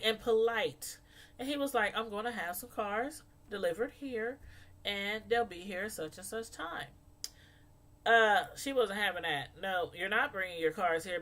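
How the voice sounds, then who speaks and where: A woman with a somewhat high voice talks through a TV episode in a relaxed, chatty recap. She gets animated and acts out what the characters said. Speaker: TV show recap host.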